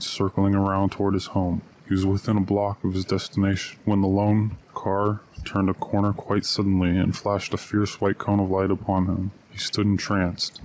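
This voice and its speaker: Male story reader, deep steady narration, outdoor take with light background noise. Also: poor audio. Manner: measured unhurried reading. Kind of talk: reading a short story aloud.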